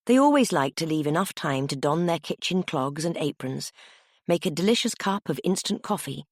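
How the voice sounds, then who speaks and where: A woman reading an audiobook aloud in a low, husky voice. Her delivery is animated, with a wide and lively pitch, and the recording sounds dry and close. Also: no echo. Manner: expressive, animated storytelling. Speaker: audiobook narrator. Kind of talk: scripted audiobook narration.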